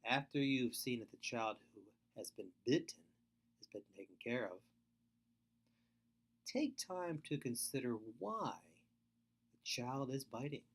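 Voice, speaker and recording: Middle-aged male webinar presenter, earnest and emphatic, very lively pitch. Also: a little slow, pauses often. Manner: earnest, emphatic, repeats points. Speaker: foster care speaker. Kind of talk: webinar lecture.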